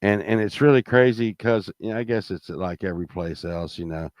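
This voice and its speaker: A man's voice: deep voice, fairly quick, dry recording, clean studio sound. Profane, rambling man telling a story. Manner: profane, rambling, with many fillers and restarts; grows heated and loud while telling the story. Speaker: storyteller guest. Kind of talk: casual rambling anecdote.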